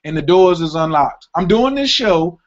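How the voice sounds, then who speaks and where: A man's voice: high voice, animated, normal speed. Guy hosting a radio talk show, emphatic and pushy, keeps cutting in, dull lo-fi sound. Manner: emphatic, interrupts with repeated "hold on".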